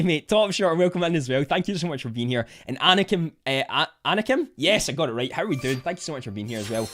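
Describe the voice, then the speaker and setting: A young man with a Scottish accent chatting casually on a livestream, reading out viewer comments with bursts of excitement. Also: mid-range voice, fast talker, soft background music. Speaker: livestream host.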